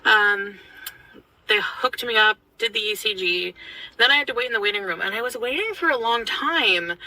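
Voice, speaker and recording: A woman's voice: a little high, expressive, normal speed, sharp tone, poor audio. A French Canadian woman vlogger telling a long personal story in a rambling way, with many ums and restarts. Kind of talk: storytelling vlog.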